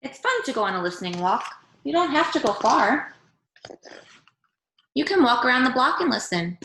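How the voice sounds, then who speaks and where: A woman teacher reading a picture book aloud to young children over a video call, gently asking them questions as she goes. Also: high-pitched, big pitch swings, normal speed, a little hiss or hum. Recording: echoey room.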